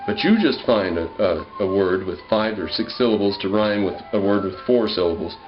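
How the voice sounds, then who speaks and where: A man with a fairly low voice reads his own verses aloud, then talks through the writing process in a loose, musing way, pausing on ums and restarting his sentences. The recording is dull and lo-fi, with faint music underneath. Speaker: poet. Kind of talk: casual spoken commentary on his own poem.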